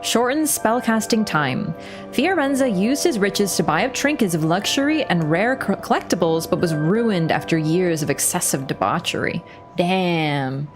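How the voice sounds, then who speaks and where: Chatty young woman streamer, lively voice. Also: lowish voice, normal speed, over music. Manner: chatty, swearing, laughs often. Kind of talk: casual gaming stream chat.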